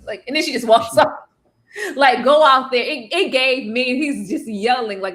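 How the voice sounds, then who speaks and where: A woman co-hosting a casual episode recap, animated and laughing as she acts out characters' lines. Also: high voice, measured pace. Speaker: podcast co-host.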